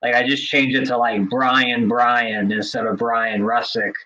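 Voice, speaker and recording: A man in a casual podcast conversation, a drum teacher talking in a loose way full of fillers and restarts. His voice sits at an ordinary middle pitch. The recording sounds slightly muffled and lo-fi. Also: little pitch movement, unhurried, a crowd in the background. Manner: chatty, many filler likes and restarts. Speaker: podcast co-host.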